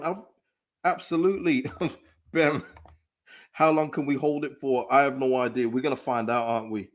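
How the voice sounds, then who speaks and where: A man hosts a live football watchalong stream, chatting casually, reading out viewers' comments, and laughing often in an excitable live reaction style. His medium-pitched voice moves at a moderate pace with long pauses.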